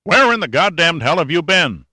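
A man voicing a gruff admiral with an explosive temper, heard over a radio speaker in the story. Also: mid-range voice, animated, dry recording. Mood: furious. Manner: bursts out loudly, then measured.

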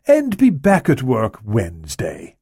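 A man voicing a brisk, businesslike male nightclub owner who speaks in curt, clipped lines. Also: medium pitch, huge pitch swings, creaky, mellow, breathy edge, no room sound, clean studio sound, exaggerated voice. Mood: questioning.

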